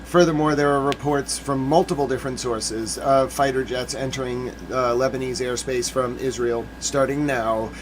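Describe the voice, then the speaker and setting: A man's voice: medium pitch, fairly even intonation, moderate pace, few pauses. A man talks his live audience through breaking reports, greeting viewers in chat. He often repeats himself in an uneasy tone. A faint hum sits behind his voice. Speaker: livestream news commentary host.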